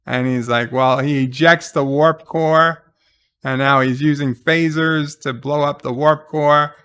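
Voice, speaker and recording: Slow-talking man with a smooth voice. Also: a little high, steady tone, bright, forceful tone. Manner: halting, with frequent restarts and fillers. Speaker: TV episode reviewer. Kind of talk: casual recap of an episode.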